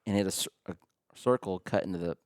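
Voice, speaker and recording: A man from Kansas hosting a casual podcast, enthusiastic and quick to chime in with agreement. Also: low voice, a little mellow, clear, resonant tone, no room sound, clean studio sound. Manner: enthusiastic, frequent yeahs. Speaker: podcast host.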